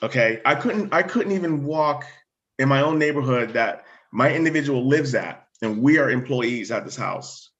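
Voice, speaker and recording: Male fire chief, animated storyteller, mid-range voice, dull recording. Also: mid-range voice, moderate pace. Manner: animated, restarts words, acts out dialogue. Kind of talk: conversational storytelling.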